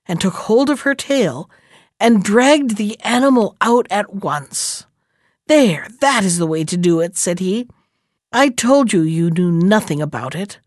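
A woman reading a folk tale aloud, lifting her pitch for the characters' speech. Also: no room sound, clean studio sound. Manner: unhurried, voices characters with raised pitch. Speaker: narrator. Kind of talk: storybook reading.

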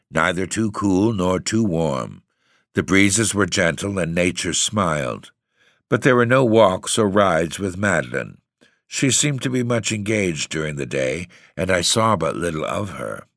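Deep-voiced man reading a story. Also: expressive, fairly bright tone, no room sound, studio quality. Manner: measured, formal, old-fashioned phrasing. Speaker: audiobook narrator. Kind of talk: scripted narration.

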